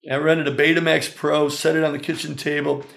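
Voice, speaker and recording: An older man from the Chicago area, a songwriter and guitarist, telling stories in an interview in a chatty, animated way with many asides. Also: a little high, a little fast, gravelly. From Chicago area, USA. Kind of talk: storytelling interview.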